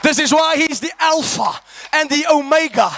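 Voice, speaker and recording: High-voiced shouting preacher. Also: male voice, moderate pace, a faint crowd, slight background noise. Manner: shouting, call-and-response preaching. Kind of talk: sermon.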